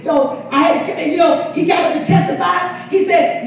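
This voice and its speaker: A woman's voice: very high voice, fairly even intonation, normal speed, creaky, few pauses. A woman pastor telling a story in a sermon, laughing often and acting out quotes. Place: church hall. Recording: echoey hall from far off.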